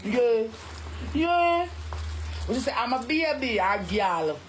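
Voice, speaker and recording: A woman's voice: high voice, slow pace, soft background music. Angry Jamaican woman ranting. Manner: angry, repetitive, cursing. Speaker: TikTok live streamer. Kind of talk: heated live-stream rant.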